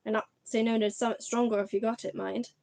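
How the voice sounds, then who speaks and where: Woman doing a booming hearty giant man. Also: level tone, fast talker, vocal fry, darkish tone, dry recording. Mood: gruff hearty. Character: huge gruff kindly male giant.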